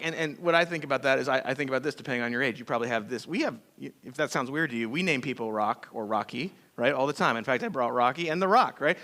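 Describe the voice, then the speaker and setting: A man preaching a sermon as pastor, telling stories in a folksy, animated way with acted-out quotes. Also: mid-range voice, fast, hardly any pauses. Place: church sanctuary.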